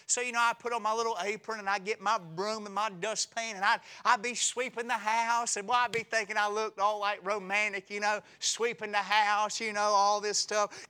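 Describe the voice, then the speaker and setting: A man in his forties preaching a sermon as pastor, telling humorous stories in a lively, conversational way. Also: sits high, smooth.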